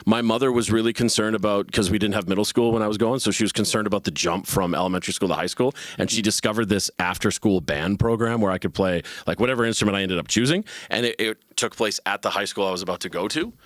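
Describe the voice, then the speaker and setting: A man's voice: on the low side, fast talker, few pauses, dry recording. Man, 30s, guest musician; loose, profane, easygoing interview talk, dry close sound. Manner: laid-back, swears often, laughs a lot. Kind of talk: casual interview chat.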